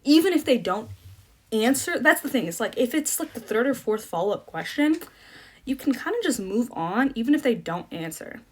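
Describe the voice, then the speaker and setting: A woman's voice: on the high side, sing-song, normal speed, a little mellow. A young woman coaching debate, explaining in a casual, chatty way with many fillers and restarts. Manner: chatty, self-deprecating, lots of fillers and restarts.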